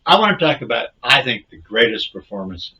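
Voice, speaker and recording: Bright-voiced man, rambling deadpan chat. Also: medium pitch, brisk, dull audio, a little hiss or hum. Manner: rambling deadpan tall tales. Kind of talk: casual comedic chat.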